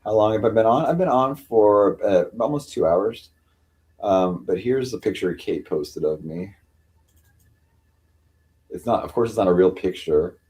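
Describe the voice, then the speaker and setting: A man on a casual live stream at home, rambling with many fillers and cooing at his cats in a higher voice. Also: unhurried, long pauses, a little mellow. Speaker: livestreamer.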